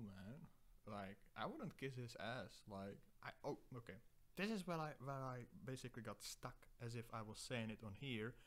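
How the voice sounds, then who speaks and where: A man's voice: lowish voice, fairly bright tone. A young man hosting a solo podcast, rambling through profane, self-deprecating digressions. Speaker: podcast host.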